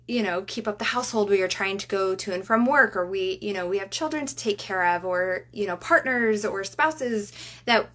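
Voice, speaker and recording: A woman coach in a casual motivational talk, often asking "right?", who slows down to lead guided breathing. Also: on the high side, a bit bright. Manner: chatty, tags sentences with "right?"; leads slow guided breathing. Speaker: reiki coach.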